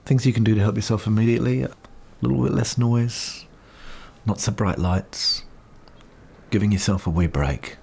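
A podcast host, a middle-aged New Zealander by accent, speaks earnestly and encouragingly about his own experience while outside in the wind. His voice is lowish and creaky, his pace moderate, with faint wind audible behind him.

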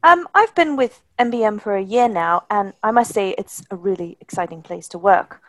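A woman's voice: mid-range voice, moderate pace, a bit bright, dry recording. A woman from Germany, a native German speaker, co-hosting a podcast with polished, prepared remarks. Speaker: podcast co-host, lawyer.

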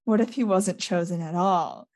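A woman podcast host reading a novel aloud and recapping it with a guest, lively and quick, with small laughs. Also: fairly low pitch.

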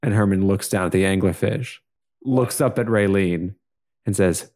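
A man narrating an improvised shared story in a measured, dramatic way, with pauses. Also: deep voice, darkish tone.

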